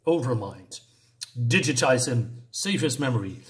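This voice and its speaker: A man's voice: mid-range voice, lively intonation, unhurried, fairly bright tone. A man reading out a cold, commanding male machine mind that rules over the villains.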